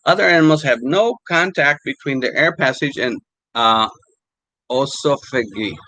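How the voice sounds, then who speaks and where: An older man, a language teacher, talking casually and haltingly with many fillers while reading quotes aloud. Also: mid-range voice, sharp tone, dry recording, rough recording.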